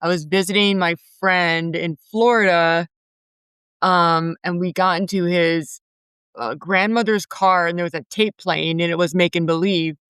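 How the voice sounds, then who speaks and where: Podcast guest, animated storyteller, crisp and bright tone, dry close-miked sound. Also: mid-range voice, a little slow, no echo. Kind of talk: casual podcast chat.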